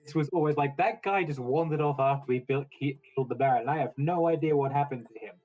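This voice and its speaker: A man's voice: mid-range voice, quick pace, darkish tone, soft background music, poor audio. A man chatting out of character with his tabletop group over a voice call, joking and laughing often. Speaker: player. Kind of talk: casual out-of-character chat. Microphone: online voice call.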